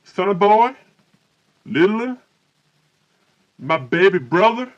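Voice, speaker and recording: A man voicing an overjoyed man in a grocery line who gushes loud, affectionate praise. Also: high-pitched, sing-song, slow pace, dull audio, voice pushed up, full character voice. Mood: gushing.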